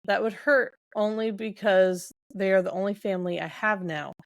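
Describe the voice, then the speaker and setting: A woman's voice: medium pitch, steady tone, normal speed, no echo, natural voice. Woman reading a fierce young fantasy heroine, earnest and determined, dry sound.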